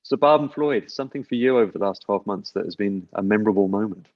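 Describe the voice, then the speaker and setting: A man hosting an online church discussion over a video call, relaxed and joking as he invites each person to speak. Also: on the low side, fast, lo-fi sound. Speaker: church host.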